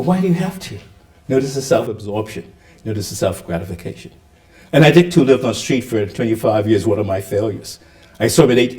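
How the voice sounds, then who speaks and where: Older guy giving a lecture, voice jumps all over, sounds a bit far from the mic in a roomy hall. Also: medium pitch. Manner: animated, rhetorical questions, acts out quotes. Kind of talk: public lecture.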